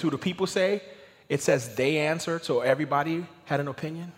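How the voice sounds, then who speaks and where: Pastor guy preaching, slightly high voice, goes whispery then loud, long church echo. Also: fairly quick. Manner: swings from hushed whispers to loud emphatic build-ups. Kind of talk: sermon. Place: church sanctuary.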